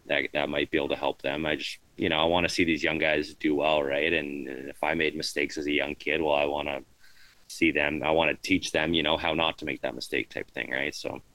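A man in his thirties, a veteran hockey player, answering interview questions in a relaxed, rambling way, often tagging on "right?". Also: a bass voice, a little fast, dry recording, rough recording. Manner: laid-back, rambling, frequent "right?" and "you know". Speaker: professional hockey player, guest.

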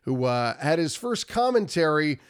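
Speaking with a fairly high, sing-song voice at a moderate pace and a clean tone, a hockey commentary host sounds nasal from a cold. He offers emphatic, repetitive post-game analysis and stumbles over his words.

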